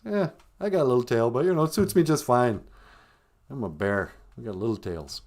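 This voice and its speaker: A man doing a calm, easygoing bear who shrugs things off with a relaxed, unbothered voice. The pitch rises and falls in a lively way. It fits a spoken animal fable. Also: fairly quick, lightly acted.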